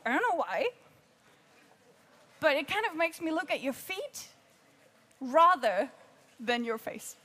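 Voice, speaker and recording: A woman coaching a group on presenting, chatty and lively, often laughing between points. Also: high-pitched, slow, long pauses. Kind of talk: workshop teaching.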